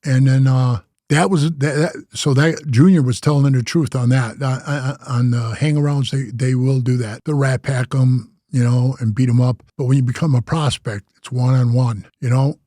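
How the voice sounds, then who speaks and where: A man's voice: mid-range voice, moderate pace, few pauses, dry recording, studio quality. An older man and former biker club president, telling his life story in casual talk and acting out the other people in it. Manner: animated storyteller, acts out other voices, says bro a lot.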